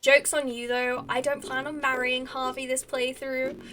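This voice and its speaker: A woman's voice: high-pitched, little pitch movement, normal speed, pushed and bright. A young woman streaming a farming game, rambling casually to her chat with lots of fillers and restarts. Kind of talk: casual chat while gaming. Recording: game music behind the voice.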